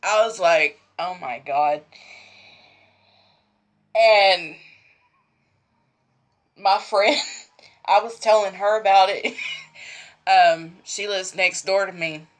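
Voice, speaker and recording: A woman's voice: mid-range voice, takes it slowly, long pauses. A woman who runs a sewing vlog, telling a story in a rambling, repetitive way and laughing throughout. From Texas. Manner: rambling, repeats herself. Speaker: sewing vlogger. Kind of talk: casual storytelling.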